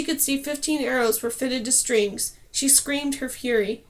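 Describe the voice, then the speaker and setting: A woman narrating a fantasy novel as an audiobook reader. Her voice sits high, and she tells the story in a steady, clear way. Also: unhurried. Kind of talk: scripted narration.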